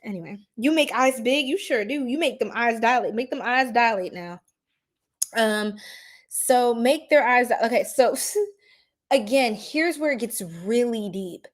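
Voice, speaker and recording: A woman's voice: on the high side, a little slow. A woman with a New York accent hosting a casual astrology livestream, sassy and playful, laughing often and repeating herself.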